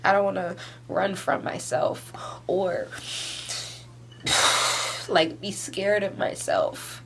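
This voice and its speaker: A young woman in her twenties crying softly through a rambling confessional vlog at home, filling every pause with "like" and breaking into teary laughs. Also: lowish voice, animated, vocal fry, a little hiss or hum. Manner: rambling, heavy use of "like", tearful laughs. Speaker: vlogger. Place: at home doing a face mask.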